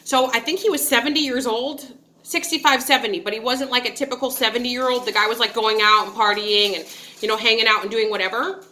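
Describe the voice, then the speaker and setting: This upstate New York woman in her thirties talks fast, her slightly high voice steady, pushed and bright, with a little hiss or hum in the audio. As a vlogger she tells a personal story casually, candid and digressive, peppered with asides to her viewers.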